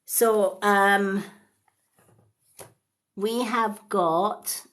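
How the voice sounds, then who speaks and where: A woman giving a live psychic card reading in a chatty, rambling way, full of animated asides. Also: medium pitch, very slow.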